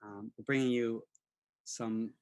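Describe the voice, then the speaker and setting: A man's voice: medium pitch, fairly even intonation, takes it slowly, a little mellow. A man hosting a comedy podcast with casual banter, teasing his co-hosts with crude jokes and laughing often. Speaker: podcast host.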